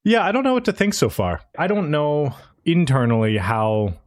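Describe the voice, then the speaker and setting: Lively young man recapping anime. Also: fairly high pitch, moderate pace. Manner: retells scenes, briefly voicing characters. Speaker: podcast co-host. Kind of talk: casual anime recap chat.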